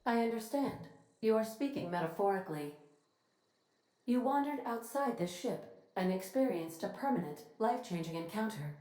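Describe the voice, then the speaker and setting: A woman's voice: mid-range voice, lively intonation, normal speed, warm tone, lightly acted. A woman voicing a prim ship computer. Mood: courteous. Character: polite literal-minded female ship computer. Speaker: ship's AI. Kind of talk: video game voice acting. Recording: echoey game audio with faint music.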